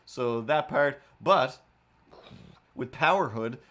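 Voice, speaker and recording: A man's voice: mid-range voice, takes it slowly. A man in his forties casually telling an anecdote on a livestream, acting out voices as he goes. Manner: animated, acts out voices in anecdotes. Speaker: livestream host.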